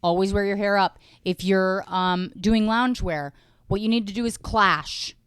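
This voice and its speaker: Smooth-voiced woman with dry jokes. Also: medium pitch, fairly even intonation, moderate pace, no echo. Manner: dry, joking. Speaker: podcast host. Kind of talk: casual chat.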